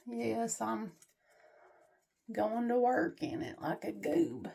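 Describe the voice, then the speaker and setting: A woman talks to her viewers in a relaxed vlog. Her voice sits high and her pace is slow and unhurried. She gives a homespun, faith-based pep talk. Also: gravelly, slightly rough. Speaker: vlogger. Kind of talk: casual encouraging vlog talk.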